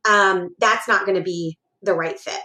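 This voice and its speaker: A woman recruiter, a guest on a podcast, calmly explaining hiring advice with examples in casual talk. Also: medium pitch, measured pace, a little hiss or hum. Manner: thoughtful, explains with examples, uses fillers. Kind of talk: casual interview chat.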